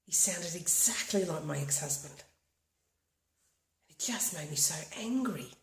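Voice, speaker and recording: A woman's voice: on the low side, lively intonation, unhurried, slight background noise. A woman from Australia leading a guided tapping session, talking earnestly and repeating affirmations. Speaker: tapping practitioner. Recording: echoey room.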